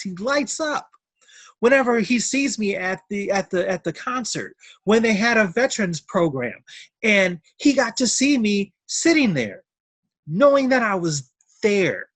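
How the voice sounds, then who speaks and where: A man's voice: sits high, sing-song, unhurried, fairly bright tone, no echo. Middle-aged man, interview guest, earnest and heartfelt, dry close mic. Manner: earnest, heartfelt, repeats words. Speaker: interview guest, notary signing agent. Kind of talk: emotional personal testimony.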